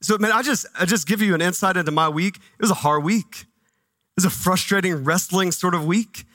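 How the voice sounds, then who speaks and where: A man preaching a sermon as pastor, conversational and animated, dropping low and soft for reverent moments. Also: moderate pace, dry recording. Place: church.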